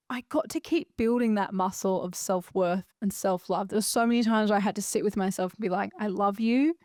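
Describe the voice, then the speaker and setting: A woman, hosting a casual solo podcast as a coach, animated and emphatic, swearing freely and often asking "right?". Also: a little high, no room sound, studio quality.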